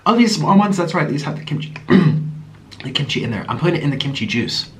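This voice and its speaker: A man's voice: fairly high pitch, sing-song, quick pace, a little hiss or hum. A man hosting an eating show, chatting casually while he eats, laughing often and cooing at a pet. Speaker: mukbang host.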